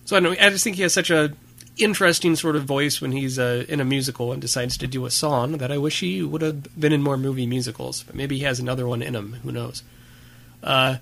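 Bright-voiced man chatting about films. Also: mid-range voice, vocal fry. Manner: chatty, hesitant with fillers. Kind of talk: casual film discussion.

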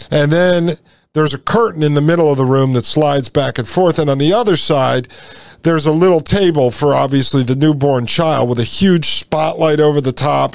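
A man hosting a podcast, telling a personal story in a blunt, animated, indignant way with casual asides. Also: mid-range voice, vocal fry, dry recording, clean studio sound. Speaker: podcast host.

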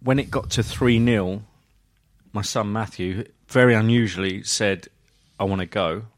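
A man's voice: fairly low pitch, measured pace. A middle-aged man, a guest on a football podcast, telling rambling stories in an easygoing way. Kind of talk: casual football chat.

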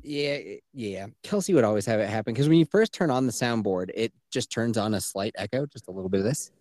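A man hosting a casual podcast, joking crudely and talking in an animated way. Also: lowish voice, fairly quick, no echo, clean studio sound. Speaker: podcast host. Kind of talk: casual chat.

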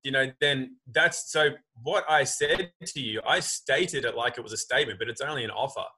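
A man's voice: mid-range voice, moderate pace, bright, forceful tone, slight background noise, low-quality recording. A man in casual conversation, talking animatedly and acting out quoted voices.

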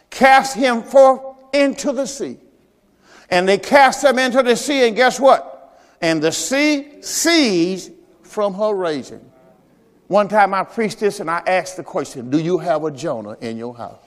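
Man, pastor, sermon, high voice, animated storytelling, long church reverb. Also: unhurried. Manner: animated storytelling, acting out Bible characters, shouting peaks. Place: church service.

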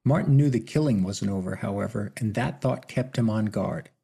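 A man narrating an audiobook in a steady, unhurried reading. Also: on the low side, vocal fry, slightly rough. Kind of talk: scripted narration.

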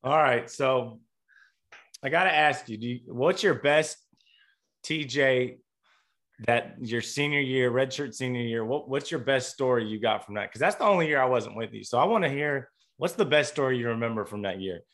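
A man's voice: medium pitch, normal speed, a bit bright. A man hosting a podcast, asking open questions in an easygoing way and laughing along with his guest. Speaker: podcast host. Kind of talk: casual interview chat.

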